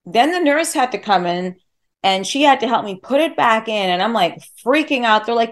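Excitable, chatty woman interviewer. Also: fairly high pitch, moderate pace. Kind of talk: casual interview chat.

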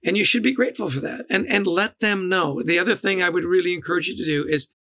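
High, gravelly enthusiastic man. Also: quick pace, pushed and bright. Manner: enthusiastic, storytelling, repeats words. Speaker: guest, leadership author. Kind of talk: podcast interview.

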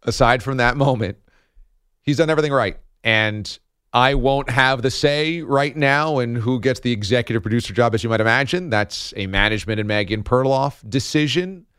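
A man hosts a sports talk radio show from the studio. His speech is chatty and he laughs often. His voice is smooth and clear, recorded dry. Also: medium pitch, a bit bright, no echo.

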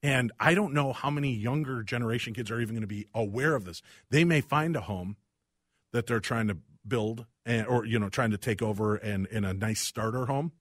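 Animated storytelling male host, dry sound. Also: medium pitch, a little fast, no room sound. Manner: animated, self-deprecating storyteller. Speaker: radio show host. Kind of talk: casual chat.

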